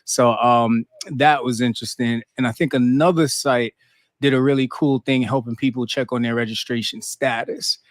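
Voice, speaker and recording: A man co-hosting a podcast, talking in a relaxed, casual way with lots of fillers. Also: medium pitch, moderate pace, no echo, studio quality. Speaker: podcast co-host. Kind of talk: casual chat.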